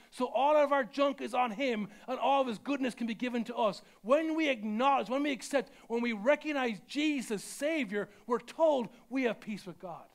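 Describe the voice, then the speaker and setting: A man preaches a sermon. He talks in a loose, conversational way, doubling back on his words and stacking phrase after phrase for emphasis. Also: very high-pitched. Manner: conversational, repeats words, builds with rising emphasis. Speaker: pastor.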